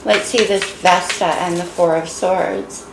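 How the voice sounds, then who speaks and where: A woman's voice: fairly low pitch, steady tone, unhurried, echoey room, noisy background. A woman giving an encouraging, emotional tarot reading while losing her voice. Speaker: tarot reader.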